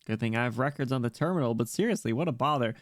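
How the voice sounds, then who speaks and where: A man's voice: mid-range voice, racing, no room sound, studio quality, close to an everyday voice. A man voicing a put-upon male courier who mutters complaints, reading a game story aloud. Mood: annoyed. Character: grumbling overworked male courier.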